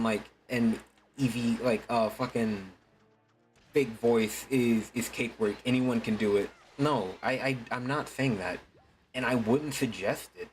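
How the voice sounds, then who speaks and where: A man chats casually on a livestream, using a deliberately put-on streaming voice and rambling with many restarts and curses. His voice is mid-range, with slight background noise.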